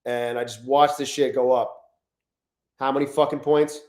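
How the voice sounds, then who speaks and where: A man streaming live, talking casually and excitably to his chat, swearing often and greeting viewers by name. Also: mid-range voice, moderate pace, reverberant.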